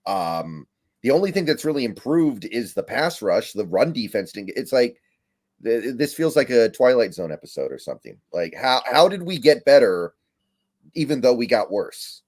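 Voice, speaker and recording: A man's voice: mid-range voice, very animated, normal speed, a little mellow. A man giving blunt, matter-of-fact takes as a guest analyst on a sports talk stream.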